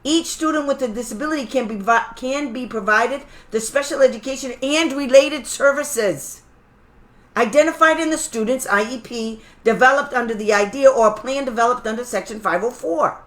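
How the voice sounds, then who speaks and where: A woman's voice: on the high side, normal speed, fairly bright tone. A middle-aged woman advising parents as a special education advocate, blunt, sarcastic and fiery in an informal talk.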